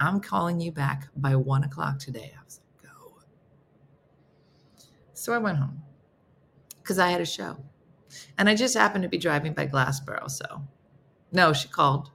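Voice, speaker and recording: A woman chatting on a morning show, telling a story with lots of energy. Her voice is bright and clear. She jumps up high when she acts out each side of a phone call. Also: a little hiss or hum. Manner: animated, acts out both sides of phone calls with big pitch jumps. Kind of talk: casual storytelling chat.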